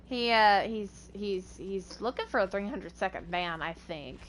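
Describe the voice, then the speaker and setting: A woman's voice: mid-range voice, measured pace, a little hiss or hum. A woman streaming a game, chatting playfully with her chat and co-players.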